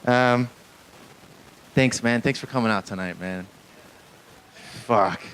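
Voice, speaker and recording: A man's voice: mid-range voice, slow, a bit bright, rough recording. Rambling stand-up comic man, faint hiss. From Mexican-American family. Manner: rambling, self-deprecating, crowd work with frequent profanity. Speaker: stand-up comedian. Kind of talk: live stand-up comedy set. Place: small comedy club stage.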